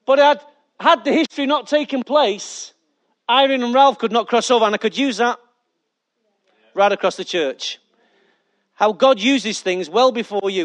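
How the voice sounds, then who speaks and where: A male pastor, preaching a sermon with lively rhetorical questions and jokey asides to his church. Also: very high-pitched.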